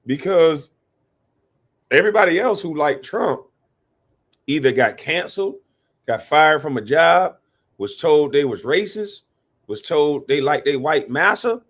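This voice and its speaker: A man hosting a live reaction stream, talking animatedly, cursing and giving shout-outs to his chat. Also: fairly high pitch, animated, a little slow, pauses often. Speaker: livestream reaction host.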